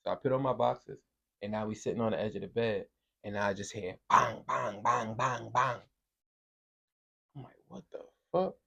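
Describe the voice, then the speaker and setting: Gravelly New man telling a story. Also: fairly low pitch, moderate pace, long pauses, lo-fi sound. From Brooklyn, New York. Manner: animated, profane, acts out voices in quotes. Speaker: podcast host telling a story. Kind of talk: casual storytelling.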